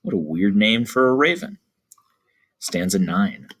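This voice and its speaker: A man's voice: lowish voice, sing-song, measured pace, fairly bright tone, husky. A man teaching English, reading a poem aloud and explaining it to teens in a casual way full of fillers.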